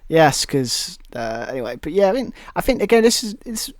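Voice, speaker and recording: A man's voice: on the high side, very animated, moderate pace, no echo, clean studio sound. A British man co-hosting a wrestling podcast, rambling casually with lots of restarts and fillers. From Britain. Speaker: podcast co-host. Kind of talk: casual chat.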